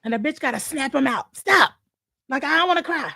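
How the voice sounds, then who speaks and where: A woman's voice: sits high, lively intonation, brisk, vocal fry, bright, forceful tone, no room sound, clean studio sound. A woman hosting a casual chat show, frank and emotional, with slang and cursing. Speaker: host.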